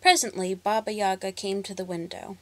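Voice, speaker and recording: A woman reads a folk tale aloud with expressive, dramatic pacing. Her voice is mid-pitched and the sound is close and dry, with no room around it. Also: normal speed, dry recording. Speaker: storyteller. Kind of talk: storybook narration.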